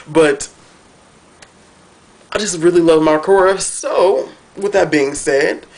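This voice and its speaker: A man excitedly reviewing a cartoon finale at home, gushing and rambling with lots of fillers. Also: fairly high pitch, vocal fry.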